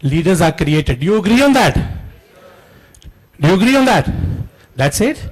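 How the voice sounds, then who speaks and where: A middle-aged man with an Indian accent gives a lively motivational talk to students, telling stories and putting questions to the audience. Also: sits high, normal speed, rough recording. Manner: animated storyteller, asks the audience questions, mixes Hindi into English. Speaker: guest speaker.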